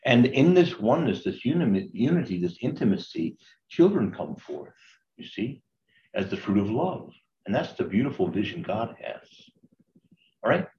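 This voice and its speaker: An older man, a priest, leads a Bible study conversationally, asking his group questions in a fairly low, sing-song voice at normal speed. The recording is dull and lo-fi.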